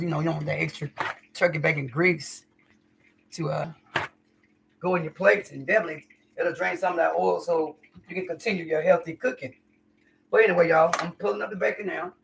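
A woman's voice: low-pitched, vocal fry, recorded from a distance, slight background noise. A woman chatting folksily to viewers during a live cooking stream in her home kitchen. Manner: folksy, chatty, calls viewers y'all and honey. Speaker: home cook livestreamer. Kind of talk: casual live cooking chat.

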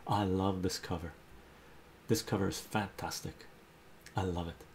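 A man's voice: low voice, steady tone, measured pace, gravelly, pauses often, slight background noise. A man hosting a live stream, chatting casually and enthusiastically about comic books and reading out chat messages.

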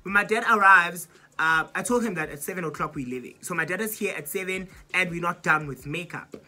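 A woman's voice: on the low side, brisk, bright, forceful tone. A young South African woman in her twenties with a South African accent, dramatically retelling a storytime vlog and mixing in isiZulu words. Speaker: YouTuber.

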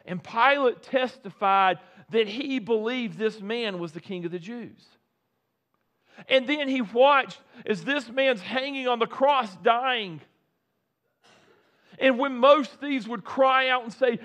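A middle-aged male pastor preaching a sermon, deliberate, with repeated phrases and dramatic pauses. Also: very high voice, a bit bright.

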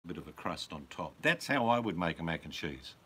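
Blunt, deep-voiced man joking. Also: very animated, brisk, pushed and bright, breathy edge. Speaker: host. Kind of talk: casual live-stream chat.

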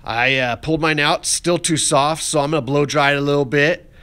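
A man's voice: a little high, steady tone, fairly quick, bright, forceful tone, smooth. A man teaching an art class, walking through a clay demonstration in a folksy, encouraging way with plenty of fillers and restarts.

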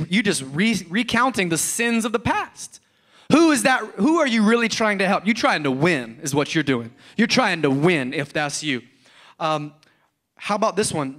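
A pastor preaching a sermon on marriage, animated and acting out quoted spouses in raised voices. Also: male voice, sits high.

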